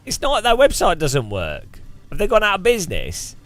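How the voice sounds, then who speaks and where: A man's voice: sits high, huge pitch swings, normal speed, fairly bright tone. A man chatting casually and jokily on a live game stream, laughing often. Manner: giggly, joking, laughs often. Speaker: gaming streamer.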